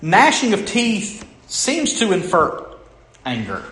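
Middle-aged pastor guy preaching, kinda high voice, lots of questions to the crowd, goes loud then hushed, roomy church echo. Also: huge pitch swings, slow pace. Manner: asks the congregation questions, swings from loud emphasis to hushed. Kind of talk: sermon. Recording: echoey room.

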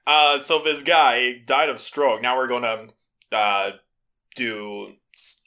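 A man's voice: mid-range voice, fairly even intonation, takes it slowly, sharp tone. A man co-hosting a casual podcast in a laid-back way. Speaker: podcast co-host. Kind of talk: casual chat.

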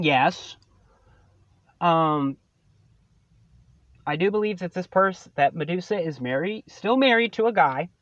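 A man's voice: high-pitched, dry recording, lo-fi sound. A man hosting his own podcast, venting about a coworker in a profane, sarcastic solo rant. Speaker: podcast host.

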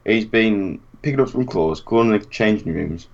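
A young man telling an animated anecdote in casual chat, acting out what people said and laughing often. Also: on the low side, moderate pace. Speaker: storyteller. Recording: dull lo-fi recording.

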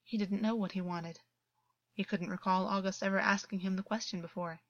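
A woman's voice: mid-range voice, fairly even intonation, a little fast, no room sound, highs cut off. Woman reading a story aloud. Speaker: audiobook reader. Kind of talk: scripted narration.

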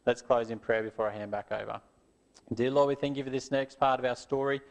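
A man telling a Bible story to children and closing in prayer, gentle and earnest. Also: medium pitch, steady tone, fairly quick.

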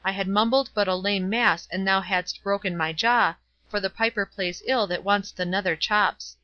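A woman's voice: medium pitch, normal speed, no echo, highs cut off, close to an everyday voice. A blustering burly friar, read by a woman. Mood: grudging. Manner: blustering, loud and defiant. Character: burly, quarrelsome middle-aged friar.

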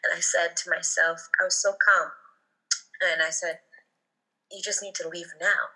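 Bright, lower-pitched woman telling a story. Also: level tone, a little slow, poor audio. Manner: emotional, vivid retelling with quoted dialogue. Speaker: guest. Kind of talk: casual storytelling.

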